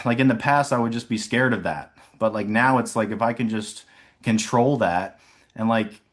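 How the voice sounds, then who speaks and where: A man's voice: mid-range voice, moderate pace. A young man, an insurance sales agent, talking casually on a video call about his mindset, rambling with frequent fillers and laughs. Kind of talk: casual reflective talk.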